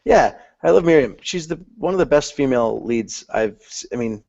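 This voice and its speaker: A man's voice: mid-range voice, lively intonation, normal speed, gravelly, warm tone, dry recording. A young man co-hosting a podcast, chatting loosely about films in slang. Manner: loose slangy talk, says dude. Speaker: podcast co-host. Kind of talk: casual film discussion. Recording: dull lo-fi podcast audio.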